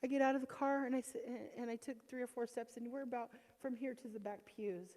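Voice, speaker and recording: A middle-aged woman gives an emotional personal testimony in a church. Her voice swings from hushed to loud and strained, and she talks haltingly with restarts. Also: fairly high pitch, steady tone. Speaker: church member giving a testimony. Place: church sanctuary. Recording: long church hall reverb.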